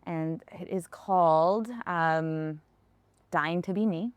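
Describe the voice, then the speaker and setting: A woman's voice: lowish voice, slow, clear, resonant tone, no echo. A woman speaking as a podcast guest and hypnotherapist, talking in a casual, earnest and enthusiastic way. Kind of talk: casual interview conversation. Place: town in Costa Rica.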